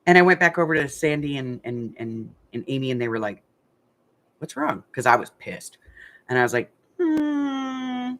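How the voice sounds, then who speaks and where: A woman's voice: very deep voice, fairly quick. Chatty older woman telling a story. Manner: chatty, animated retelling with filler words. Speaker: craft channel host. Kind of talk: casual storytelling.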